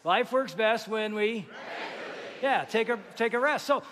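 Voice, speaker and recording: A male pastor delivering a lively, joking sermon in a church, asking the congregation questions. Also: very high-pitched, normal speed, in a large hall, some chatter behind, slight background noise. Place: church sanctuary.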